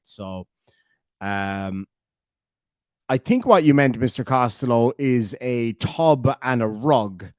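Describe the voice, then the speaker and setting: An Irish man chats loosely on his livestream, reading out viewer comments and wandering between stories with plenty of ums and uhs. His voice sits at an ordinary middle pitch. The sound is close and dry, with no room around it. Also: clean tone, dry recording. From Ireland. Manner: rambling, chatty, many fillers. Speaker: livestream host. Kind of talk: casual live chat reading comments.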